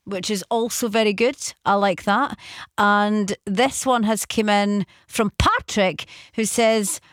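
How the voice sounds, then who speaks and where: A woman's voice: mid-range voice, slow pace, dry recording. A woman hosting a late-night radio show in a studio, chatty and giggly as she reads out listener messages. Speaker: radio host. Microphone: studio microphone.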